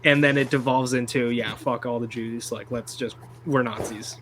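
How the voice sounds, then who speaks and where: A young man co-hosts a casual film chat in an even mid-range voice. He rambles with enthusiasm and swears freely. A faint hum sits under the recording. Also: medium pitch, moderate pace, poor audio. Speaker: podcast co-host.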